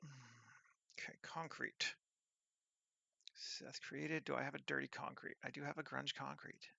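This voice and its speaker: A man's voice: mid-range voice, flat delivery, measured pace, creaky, bright, forceful tone, no echo, highs cut off. A man working on a 3D scene who thinks aloud, muttering half-finished commands to himself.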